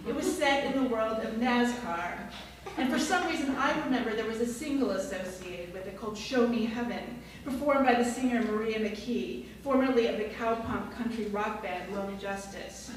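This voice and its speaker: A woman's voice: fairly high pitch, far from the mic, noisy background. A woman reading a personal essay aloud to an audience at a live event, in a dry, wry way. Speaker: storyteller. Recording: echoey room, mic heard from afar.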